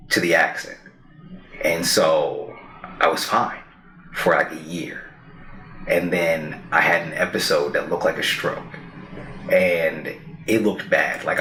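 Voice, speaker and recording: A man co-hosting a podcast, telling a personal story casually and animatedly acting out what people said. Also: low-pitched. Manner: animated storyteller who acts out quoted lines. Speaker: podcast co-host. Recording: roomy echo.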